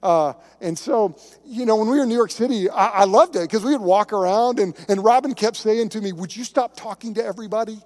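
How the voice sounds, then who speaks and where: Male pastor, high voice, casual storytelling sermon, long hall reverb. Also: fairly quick, few pauses, darkish tone. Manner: conversational, emphatic preaching with storytelling.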